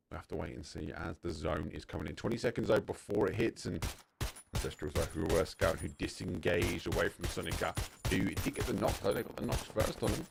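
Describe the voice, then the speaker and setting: A man with an Essex accent casting live play-by-play commentary on an esports match, moving quickly between calm calling and excited bursts. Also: deep voice, gravelly, noisy background. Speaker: esports caster. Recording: game gunfire under the voice. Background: in-game gunshots and explosions.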